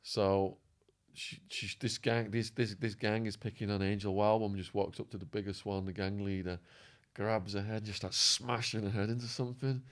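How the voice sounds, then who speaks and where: Male guest, low-ish voice, lively hoarse storytelling, acts out the quotes. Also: normal speed. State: voice going hoarse. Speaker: podcast guest. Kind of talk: storytelling interview.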